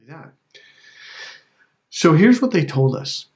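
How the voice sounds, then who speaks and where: A man's voice: a little high, very animated, takes it slowly, darkish tone. Emphatic man coaching casually. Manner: emphatic and repetitive, checks in with "okay?". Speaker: life and relationship coach.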